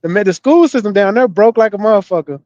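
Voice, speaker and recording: A man's voice: high voice, expressive, quick pace, darkish tone, no room sound. A young man telling loose, profane stories in casual podcast chat, laughing often. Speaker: podcast co-host. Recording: dull, lo-fi dry sound.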